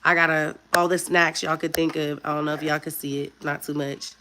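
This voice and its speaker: A woman's voice: deep voice, flat delivery, fairly quick, bright, forceful tone, a little hiss or hum. A woman hosting a casual livestream chat, talking candidly and directly to her viewers. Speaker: livestream host.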